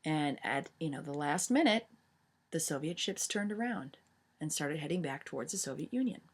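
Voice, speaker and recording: Chatty woman teaching history, low-pitched. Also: expressive, normal speed, slightly rough. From United States. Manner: chatty, many fillers and restarts. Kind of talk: informal history lecture.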